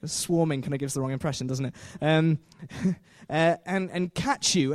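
A man's voice: a little high, steady tone, normal speed, hardly any pauses, no echo, clean studio sound. A man preaching a sermon in a chatty way, with self-deprecating jokes and frequent fillers.

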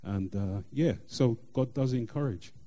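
A middle-aged man, sharing a personal faith testimony in an earnest, halting way with many fillers and restarts. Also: medium pitch, noisy background. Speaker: church member sharing testimony.

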